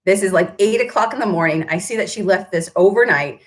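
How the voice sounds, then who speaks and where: A woman's voice: mid-range voice, a little fast. A woman who runs a paint shop, chatting on a live stream, answering viewer comments and tagging her points with "right?".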